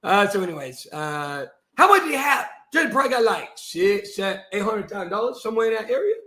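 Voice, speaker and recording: A man hosting his channel, giving ranting commentary while reading through documents, swearing and swinging from muttering to shouting. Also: high voice, very animated, brisk. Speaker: channel host.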